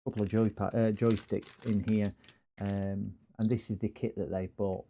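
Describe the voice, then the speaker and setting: A man's voice: fairly low pitch, level tone, moderate pace, mellow, a little hiss or hum. A man hosting a repair livestream, chatting casually and rambling with lots of fillers. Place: home workshop.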